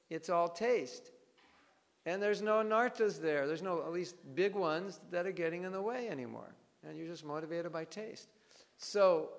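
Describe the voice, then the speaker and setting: A man leads a devotional class in a lecture hall. His somewhat high voice has a gravelly edge, and long reverb trails each phrase. He tells stories in an animated way and slips into bits of acted dialogue. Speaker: teacher giving a scripture class.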